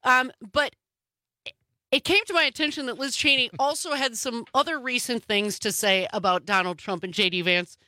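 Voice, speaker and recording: A woman co-hosting a casual political talk show, with a sarcastic manner and quick asides. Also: on the high side, pushed and bright, no room sound.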